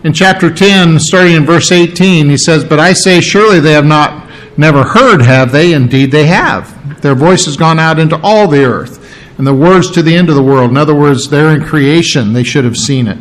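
A middle-aged man giving a verse-by-verse Bible teaching, unhurried and explanatory, pausing on fillers as he works through the text. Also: on the high side, low-quality recording. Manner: unhurried, with frequent fillers and restarts while explaining.

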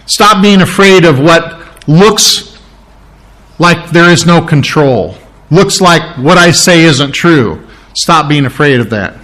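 Higher-voiced man teaching a sermon. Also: animated, slow, fairly bright tone. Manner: thoughtful, stops to restart and correct himself, often clears throat. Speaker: pastor. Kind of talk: verse-by-verse Bible teaching sermon.

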